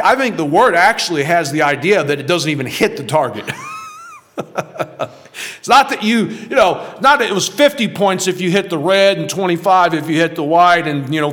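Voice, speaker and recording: A man's voice: fairly high pitch, fairly bright tone. Man preaching in a chatty, laughing way. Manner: conversational preaching with chuckles and rhetorical questions. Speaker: pastor. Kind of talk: sermon.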